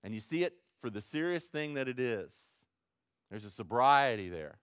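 A man preaching a sermon as pastor, acting out prayers and little dialogues, swinging from loud to hushed. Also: mid-range voice, animated, normal speed, clear, resonant tone, no room sound, studio quality. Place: church sanctuary with congregation.

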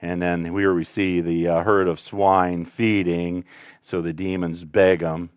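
Male pastor, sermon delivery, smooth clear tone, dry close sound, conversational with big swings from loud to hushed. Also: low voice, a little slow, no echo, muffled recording. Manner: conversational, animated preaching with sudden loud rises and quiet drops.

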